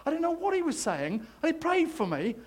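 High voiced guy preaching his own story, animated and poking fun at himself. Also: a little fast. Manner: animated, self-deprecating storytelling. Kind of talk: sermon testimony.

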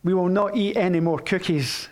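A man voicing a sensible, patient male frog while reading a storybook aloud, in a calm, reasoning way. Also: high voice, normal speed, close to an everyday voice.

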